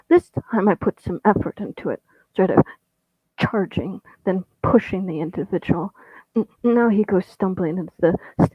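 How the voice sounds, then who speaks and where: Halting male storyteller who stammers through his own tale, slow and husky, recorded dry over thin phone-quality audio. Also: high-pitched, no echo. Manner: halting, stammering, with many restarts; drops into an unvoiced whisper at times. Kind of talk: first-person story reading.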